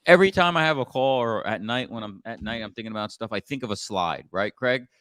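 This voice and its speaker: A middle-aged man coaching on sales in a casual podcast chat, blunt and animated, sometimes swearing. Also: mid-range voice, fast, dry recording. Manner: blunt, animated storytelling with profanity.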